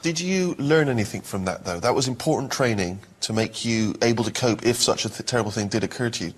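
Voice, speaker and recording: A man's voice: mid-range voice, fast, a little hiss or hum. A man co-hosting, asking wry, probing questions in casual comedic chat. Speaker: co-host.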